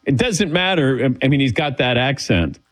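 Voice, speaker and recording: A man's voice: mid-range voice, animated, normal speed, a bit bright, poor audio. A man hosting a sports talk show, chatting casually and laughing often as he calls on his co-hosts. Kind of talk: casual radio show banter.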